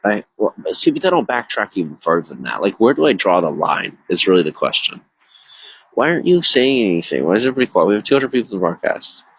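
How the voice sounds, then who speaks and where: A man's voice: on the low side, very animated, fast, fairly bright tone, breathy edge, dry recording, poor audio. A man live-streaming to viewers alone, distressed and near tears, rambling with many filler words. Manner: rambling, heavy on filler words, self-interrupting. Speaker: livestreamer.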